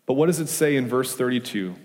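A fast-talking pastor with a middle-pitched voice and lively intonation delivers a sermon in a church sanctuary, where sound trails off in long reverb. He drives home points through rhetorical questions, shifting between urgent, raised emphasis and hushed reassurance.

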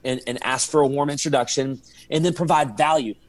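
Animated male podcast guest telling stories. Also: mid-range voice, fairly quick. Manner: animated storyteller, acts out his own texts and inner thoughts. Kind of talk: casual podcast storytelling.

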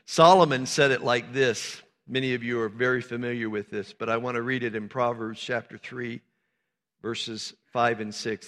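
A male pastor with a bright, forceful voice preaches in a church, moving from quiet, low stretches to loud, raised exhortation. Long reverb from the sanctuary hangs on his words. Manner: swings from soft and low to loud, high-pitched preaching. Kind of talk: sermon.

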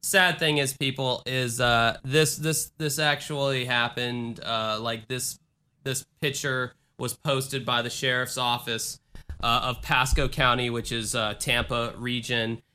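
Bright-voiced irreverent podcast host man. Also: mid-range voice, little pitch movement, unhurried, clear, resonant tone. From Florida. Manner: irreverent, swears freely, reads aloud with asides. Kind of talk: casual comedic podcast chat.

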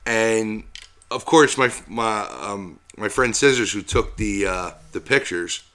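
A man with a lowish voice and a bright, sharp tone, chatting casually on a podcast. He tells his stories in a relaxed, rambling way and swears often. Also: takes it slowly. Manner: laid-back storytelling with frequent swearing. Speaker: podcast co-host. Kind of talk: casual chat.

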